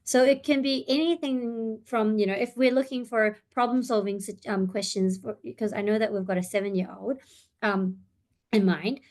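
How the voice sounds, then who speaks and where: Woman, therapist running a parent workshop; higher voice, chatty, thinks aloud. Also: fairly even intonation, normal speed, darkish tone. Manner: friendly, thinking aloud with many fillers. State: voice breaking slightly. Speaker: therapist leading a parent seminar. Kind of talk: online seminar presentation.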